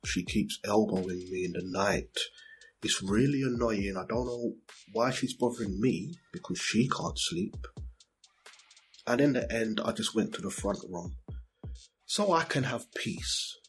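A man's voice: on the low side, expressive, measured pace, soft background music. A man hosting a podcast, talking straight to his listeners in a direct, upbeat way. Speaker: podcast host. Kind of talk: casual podcast talk.

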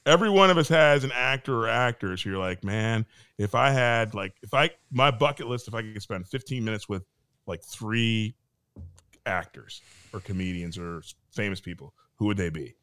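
A man co-hosting a podcast, ranting bluntly and loudly in casual banter. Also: lowish voice, normal speed, clear, resonant tone, dry recording. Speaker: podcast co-host.

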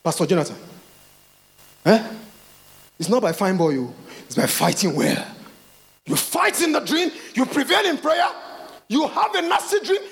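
A middle-aged man with a Nigerian accent, preaching a lively sermon and acting out voices of the people he quotes. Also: extremely high pitch, normal speed, creaky, pauses often. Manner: animated preaching, acts out quoted voices, laughs, calls out. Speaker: pastor.

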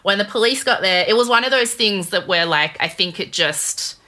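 A woman casually telling a true crime story to her co-host, chatty and animated, with lots of fillers. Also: medium pitch, normal speed.

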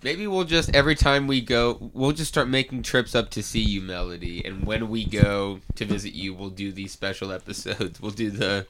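A man's voice: lowish voice, fairly even intonation, moderate pace, few pauses, fairly bright tone, a little hiss or hum. A man co-hosting a casual beer-tasting livestream, talking loosely and laughing often. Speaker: podcast co-host. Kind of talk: casual chat over beers.

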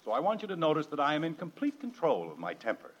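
A man's voice: mid-range voice, sing-song, a little fast, a bit bright, muffled recording. An actor playing a harried family father in a 1950s radio comedy, emphatic and exasperated. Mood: mock calm. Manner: exasperated, emphatic, bursts into giddy laughter. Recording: old radio broadcast with faint hiss.

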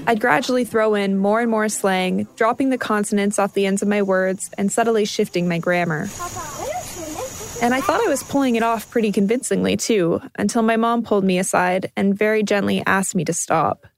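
A woman with a Canadian accent, calmly telling a personal documentary story in scripted narration. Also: medium pitch, moderate pace, vocal fry. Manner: calm, reflective storytelling.

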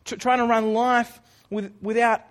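A man preaches a conversational sermon in a casual, earnest way, tossing informal asides to the congregation. His voice is extremely high-pitched, level in tone, and unhurried.

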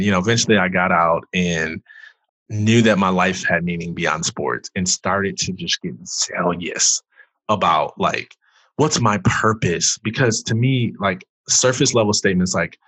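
A man, a former athlete and author, earnestly telling his personal story as a guest, loose and full of "like", turning loud when he acts out past outbursts. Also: lowish voice, husky, no room sound. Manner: earnest, loose, heavy use of "like".

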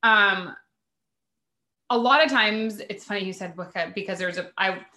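A woman's voice: medium pitch, moderate pace, bright, forceful tone, reverberant. A woman hosting a spiritual podcast, chatting casually and rambling with many "like" fillers. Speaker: podcast host.

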